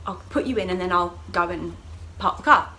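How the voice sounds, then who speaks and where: A young woman vlogs a personal story in a casual, chatty, animated way, talking fairly quickly. She acts out what others said with sharp jumps in pitch and loudness. The audio is poor, with slight background noise.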